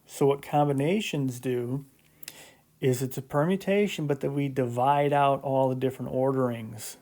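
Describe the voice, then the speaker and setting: A man delivers a recorded math lesson in an easygoing, conversational way, talking through each step and checking in with the listener. His voice sits in a middle pitch range and has a warm, mellow color, and he drops in light jokes along the way. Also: normal speed. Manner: conversational, explains step by step with frequent "so" and "right?"; lightly joking asides. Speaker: math instructor. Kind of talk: recorded classroom lecture.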